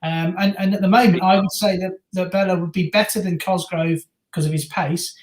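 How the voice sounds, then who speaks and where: A woman's voice: on the low side, fairly quick, slight background noise. Chatty woman co-host in roomy echo. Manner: lively, reads out viewer comments, laughs easily. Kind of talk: live match reaction chat.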